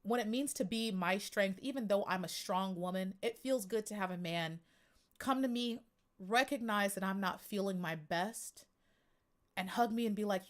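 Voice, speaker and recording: Speaking at normal speed in a mid-range voice, a woman runs a podcast livestream, delivering a chatty, emphatic casual monologue and saying hello to viewers in the chat.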